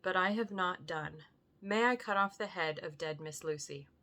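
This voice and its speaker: A woman reading aloud and voicing a grave, solemn old foreign doctor who speaks in measured tones. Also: fairly low pitch, bright, forceful tone. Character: grave old foreign male doctor, stern yet tender. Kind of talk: audiobook reading.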